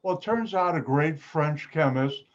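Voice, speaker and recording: A man with a Chicago accent teaching an online chemistry lab, joking with the class and breaking into sudden high exclamations. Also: unhurried. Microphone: video call. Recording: slightly dull video call audio.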